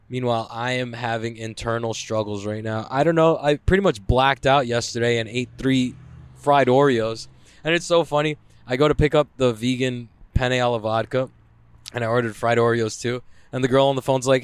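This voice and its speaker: A man's voice: mid-range voice, steady tone, normal speed, clean tone, no room sound. A young man ranting to camera in a loose, profane way, full of "like" fillers. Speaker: vlogger. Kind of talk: casual rambling rant.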